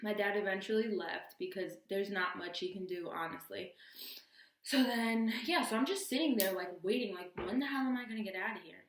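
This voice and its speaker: A young adult woman telling a storytime vlog with expressive, animated delivery and acted-out quotes. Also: mid-range voice, a little fast, echoey room. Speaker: vlogger.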